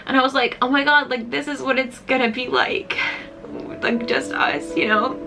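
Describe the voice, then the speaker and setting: A woman's voice: high voice, steady tone, moderate pace, creaky, over music. A young woman vlogger telling a personal story in a chatty, casual way, full of "like", tearful at moments. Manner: chatty, heavy use of "like", emotional at times.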